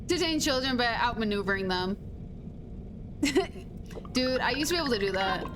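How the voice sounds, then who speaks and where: Young woman, game streamer, animated higher voice, playful and chatty, noisy audio. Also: normal speed. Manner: playful, giggly, chatty with chat. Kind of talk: casual live-stream chat.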